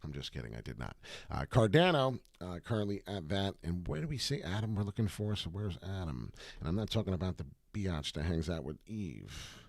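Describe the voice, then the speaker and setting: Brash low-voiced man hosting a crypto stream. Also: sing-song, fairly quick, vocal fry, dry recording, studio quality. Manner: brash, hype-driven, swears casually. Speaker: crypto livestream host. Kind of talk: live market commentary.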